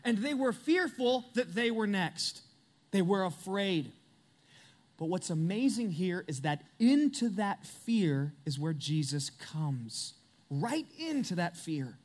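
A man's voice: high voice, big pitch swings, slow, a little mellow. A middle-aged man preaching a sermon as pastor, earnest and confessional, building to emphatic peaks.

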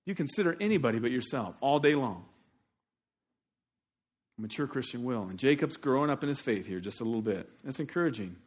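A man preaching a sermon as pastor, animated and shifting between loud emphasis and quiet asides. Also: mid-range voice, fairly quick, slightly rough.

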